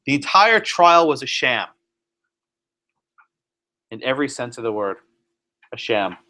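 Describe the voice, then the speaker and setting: A man, a law professor, giving a classroom lecture, animated and sometimes sarcastic, putting questions to students. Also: medium pitch, measured pace.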